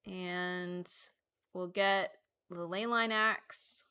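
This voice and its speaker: Bright-voiced woman streamer thinking aloud. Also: fairly low pitch, steady tone, drawn-out words, clear, resonant tone. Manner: thinks aloud, reads viewer chat, trails off with fillers. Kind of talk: casual live-stream chat while deckbuilding.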